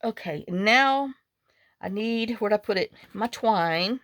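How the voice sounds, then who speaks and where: Speaking slowly with lively intonation, a woman with a medium-pitched, slightly bright voice vlogs as she makes a journal, rambling casually through stories and muttering to herself. There's no echo.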